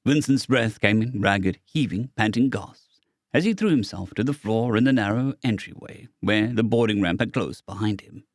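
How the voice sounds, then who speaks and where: A man reading an audiobook in steady, measured scripted narration. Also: on the low side, dry recording, clean studio sound.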